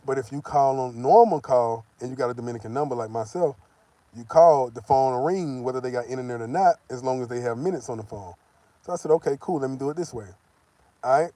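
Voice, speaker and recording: A man's voice: medium pitch, quick pace, warm tone, no echo. A man telling a personal story to the camera, casual and profane, acting out the people he quotes. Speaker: vlogger.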